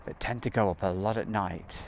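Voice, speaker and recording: A man's voice: lowish voice, a little fast, creaky. A man hosting a casual live stream outdoors near an airbase, chatting in a rambling way with many ums and uhs, recorded on a camcorder mic.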